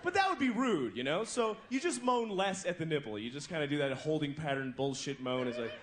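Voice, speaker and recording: A man's voice: on the high side, sing-song, a little fast, fairly bright tone. A young man in his twenties doing a crude stand-up comedy set, telling stories conversationally in front of a club audience. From United States. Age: 20s. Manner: crude, conversational storytelling with acted-out voices. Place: comedy club stage before a live audience. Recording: noisy live club recording.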